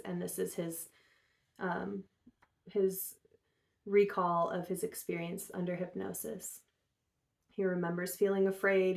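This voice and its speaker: A woman with a lowish voice talks through a story in a relaxed, casual way, peppering it with fillers. Her delivery stays level and even, with little rise and fall. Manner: relaxed, chatty, many fillers. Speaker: host.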